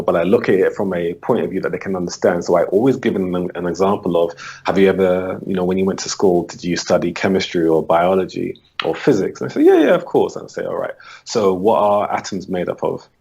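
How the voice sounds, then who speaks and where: A man's voice: low voice, vocal fry, a little mellow, breathy edge. A man being interviewed as a holistic coach, patiently explaining his approach and acting out his talks with clients. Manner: acts out client dialogues, brisk and patient. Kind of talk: conversational explanation.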